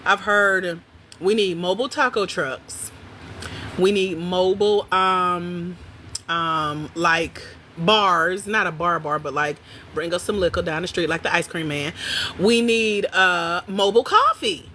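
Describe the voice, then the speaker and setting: A woman hosts a casual livestream from home and talks straight to her viewers. Her voice is bright and her delivery is animated and chatty, with frequent laughs. A faint room hum sits under her voice. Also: lowish voice, a little slow. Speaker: livestream host.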